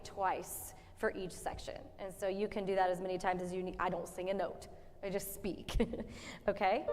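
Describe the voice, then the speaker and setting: A woman directing a choir rehearsal, joking with the singers and demonstrating sung phrases as she coaches. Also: on the high side. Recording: long hall reverb with faint music.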